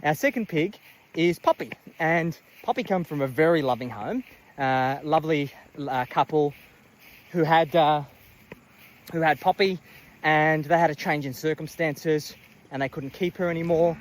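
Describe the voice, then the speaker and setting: A man's voice: a little high, a little slow, a little hiss or hum, low-quality recording. A man giving a casual, rambling tour of his animal sanctuary outdoors. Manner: chatty, rambling with many fillers. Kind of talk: casual walking tour vlog. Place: outdoors at a farm paddock.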